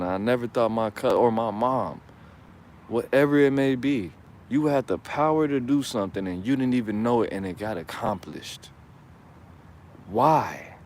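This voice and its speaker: A man's voice: medium pitch, a little mellow, a little hiss or hum. Rambling, preachy man talking outdoors. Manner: rambling, preachy, profane, joking. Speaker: channel host giving advice. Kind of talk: casual commentary to camera.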